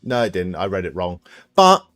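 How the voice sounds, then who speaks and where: A man's voice: low-pitched, very animated, fairly bright tone, no echo. A man chats casually to his viewers on a live stream, talking through his guesses and swearing freely. His voice rises and falls a lot. The sound is dry and close, with faint music playing underneath. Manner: thinks aloud, swears freely, quick laughs. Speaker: watch-along stream host.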